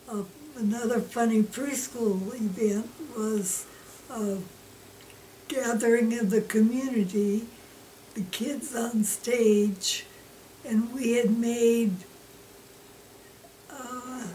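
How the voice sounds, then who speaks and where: A woman tells old preschool stories at an unhurried pace, her voice mellow and gentle. Her sentences sometimes trail off almost to a whisper. She is recorded from a little distance with a faint hiss behind her. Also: medium pitch. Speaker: former preschool teacher, interviewee. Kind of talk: reminiscing interview. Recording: distant mic with faint background noise.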